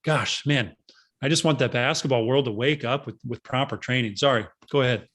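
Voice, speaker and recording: A man hosts a training podcast in an easy, mid-pitched voice. He talks with eager enthusiasm, wanders between thoughts and leans on fillers. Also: fairly quick, a bit bright. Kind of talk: podcast interview.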